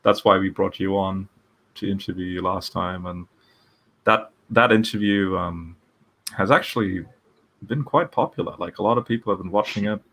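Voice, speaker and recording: A man's voice: low-pitched, normal speed, fairly bright tone. A man hosting an interview over a video call, talking casually and rambling with frequent restarts. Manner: rambling, many restarts and fillers. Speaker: podcast host interviewer.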